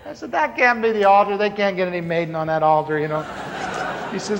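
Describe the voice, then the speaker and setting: A man telling a comic story from the pulpit, acting out the dialogue in a lively way. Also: sits high, brisk, slight background noise. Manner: animated, comic, acts out dialogue. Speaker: preacher telling his conversion story. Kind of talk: storytelling sermon. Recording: large hall reverb, faint ambience.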